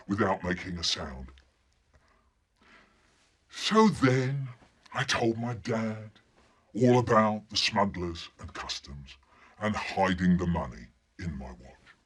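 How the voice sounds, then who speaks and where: A man telling a childhood story to listeners, animated and acting out each scene. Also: deep voice, slightly rough. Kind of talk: storytelling performance.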